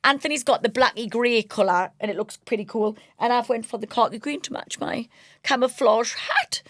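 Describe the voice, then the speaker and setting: A woman's voice: a little high, normal speed, fairly bright tone, no echo, studio quality. A middle-aged woman with a Geordie accent, co-hosting a podcast in casual, chatty talk and laughing often. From North East England. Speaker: podcast co-host. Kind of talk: casual chat.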